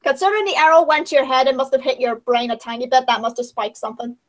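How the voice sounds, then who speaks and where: A woman's voice: sits high, steady tone, fast talker. A woman chatting casually on a livestream, giggly and laughing often between remarks. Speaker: livestream co-host.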